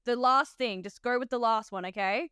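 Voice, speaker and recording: A woman's voice: a little high, moderate pace, a bit bright, clean tone, no echo, studio quality. A woman with an Australian accent hosting a podcast as a nurse, chatty and laughing often, with lots of "like". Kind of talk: casual podcast chat.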